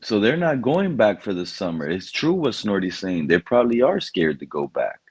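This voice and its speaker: A man's voice: fairly low pitch, very animated, normal speed, husky, no echo. A man from Florida hosting a casual podcast, joking and talking in slang. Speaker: podcast host.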